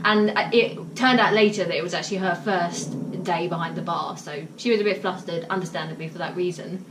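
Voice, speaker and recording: A woman's voice: fairly low pitch, a little fast. A woman telling a casual story to camera, chatty, with lots of fillers. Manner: chatty, with many fillers and bursts of laughter. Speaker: vlogger. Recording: roomy, mic at a distance, faint noise.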